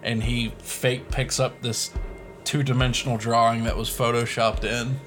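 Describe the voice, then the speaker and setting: A man co-hosting a podcast, retelling a movie plot in an animated way, laughing and saying "like" a lot. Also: medium pitch, unhurried, faint music behind. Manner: animated storyteller, laughs often, lots of "like". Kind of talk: casual movie recap chat.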